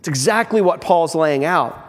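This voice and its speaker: A male pastor preaching a sermon, animated and acting out the voices he quotes. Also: a little high, moderate pace. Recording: long reverb of a large hall.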